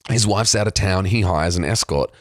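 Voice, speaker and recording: A man's voice: low-pitched, normal speed, no room sound, studio quality. A man chatting casually, telling a story loosely with lots of swearing and fillers. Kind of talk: casual chat.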